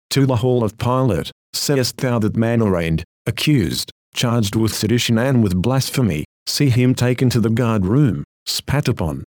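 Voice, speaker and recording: A man delivering an old-fashioned sermon in a solemn, declamatory way, often slowing for drawn-out rhetorical phrases. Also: mid-range voice, a little mellow, no room sound, studio quality. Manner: speaks to an imagined listener in old-style phrasing. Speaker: preacher.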